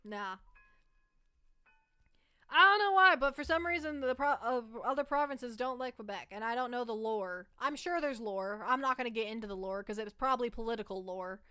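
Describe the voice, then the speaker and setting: A young Canadian woman hosts a livestream, chatting casually with her chat in a rambling way and often restarting her sentences. Her fairly high voice is pushed, bright, clear and resonant, and she talks briskly with few pauses. Faint music plays behind her.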